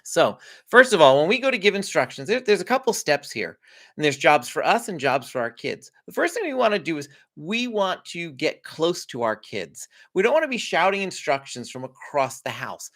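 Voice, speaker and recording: A man walks parents through a routine in a friendly, conversational teaching style. His voice sits a little high and moves a lot in pitch. He chuckles often between points. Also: normal speed. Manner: lively, conversational, laughs often. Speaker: parenting coach. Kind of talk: instructional talk to parents.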